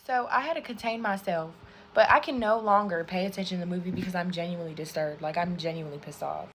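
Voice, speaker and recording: A young woman in her twenties telling a storytime while getting ready, animated and swearing constantly. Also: on the low side, fast, a little hiss or hum. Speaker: TikTok storyteller. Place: bedroom.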